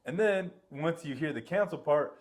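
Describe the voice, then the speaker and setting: A man's voice: a little high, lively intonation, normal speed. A man co-hosting a podcast, mostly reacting with short remarks. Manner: brief reactive interjections. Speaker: podcast co-host. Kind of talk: casual chat.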